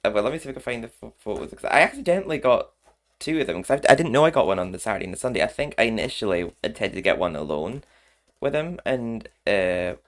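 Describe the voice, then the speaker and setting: Guy w a really deep voice rambling casually, laughs a lot. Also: big pitch swings, quick pace. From Scotland. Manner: rambling, chatty, laughs often between remarks. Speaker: vlogger. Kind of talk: casual chat.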